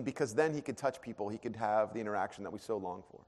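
Earnest pastor in a reverberant hall. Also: male voice, medium pitch, animated, fast talker. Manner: earnest, swings from hushed to emphatic. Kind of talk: sermon. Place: church auditorium.

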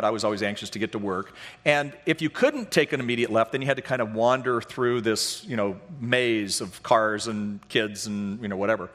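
A middle-aged man preaching a sermon in a church, telling a funny story about himself and acting out the voices in it. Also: medium pitch. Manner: animated, self-deprecating, acts out voices in his stories. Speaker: pastor. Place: church sanctuary. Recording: long hall reverb.

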